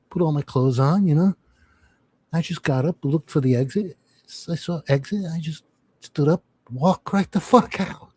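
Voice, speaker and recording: A husky middle-aged man from New York spins a profane, animated tale in loose conversation, slipping into quoted voices. His tone is mellow and a little higher than most men. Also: no echo. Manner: profane, animated storyteller with swearing and acted quotes. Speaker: livestream host. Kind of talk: casual storytelling chat.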